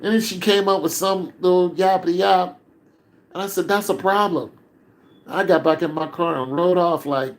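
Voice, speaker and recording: An older man speaking in a heated, emotional monologue, climbing close to shouting as he grows upset and sinking low and weary when he gives up. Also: fairly even intonation, normal speed, low-quality recording. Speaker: commentator.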